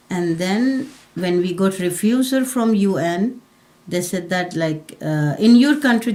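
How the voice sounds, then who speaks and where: A woman from Pakistan tells her own story in an interview, talking plainly and haltingly, with frequent restarts. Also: fairly low pitch, a little mellow. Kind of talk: personal story told in an interview.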